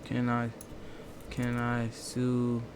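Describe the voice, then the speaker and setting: A man's voice: mid-range voice, monotone, drawn-out words, noisy background. A man hosting a reaction video, talking loosely in casual slang with lots of restarts. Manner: loose, slangy, rambling talk with many restarts.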